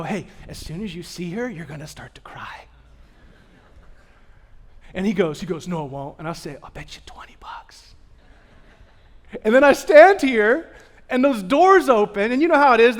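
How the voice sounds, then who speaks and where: A male pastor preaching a sermon, telling stories with animation and swinging from loud bursts to hushed asides. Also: sits high. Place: church sanctuary.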